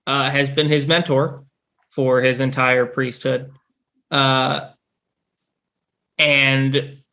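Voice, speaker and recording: Slow-talking man with a bright voice. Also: medium pitch. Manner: slow and searching. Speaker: player. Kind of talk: describing his character in a tabletop game.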